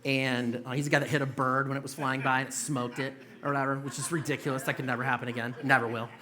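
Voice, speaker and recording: A man's voice: mid-range voice, flat delivery, fast talker, bright, forceful tone. A young man doing a stand-up set in a small comedy club, telling loose, profane stories with mocking quoted voices.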